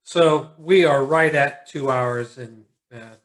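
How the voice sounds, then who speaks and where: A tired man hosting a casual video call chat, relaxed and encouraging, rambling a little. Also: on the high side, slow. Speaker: host.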